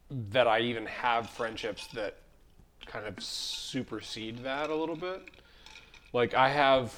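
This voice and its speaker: Reflective podcast host, man. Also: medium pitch. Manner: reflective, thinking aloud with restarts. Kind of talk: casual chat.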